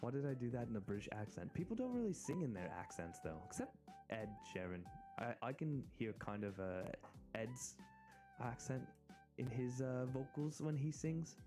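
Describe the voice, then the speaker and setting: A man's voice: mid-range voice, big pitch swings, moderate pace. An American man streaming, chatting casually and rambling with frequent restarts and giggles. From United States. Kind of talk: casual live-stream chat. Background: faint background music.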